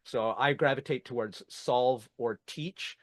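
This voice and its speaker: A man's voice: mid-range voice, measured pace, no echo. Podcast host, male, reflective and thinking aloud, plain mid voice, dry sound. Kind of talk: conversational interview.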